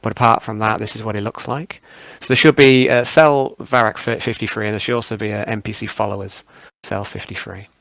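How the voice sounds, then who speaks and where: A man's voice: lowish voice, fairly even intonation, fairly quick, gravelly, fairly bright tone, no echo. A man narrating a tabletop game as game master, with frequent hesitant ums.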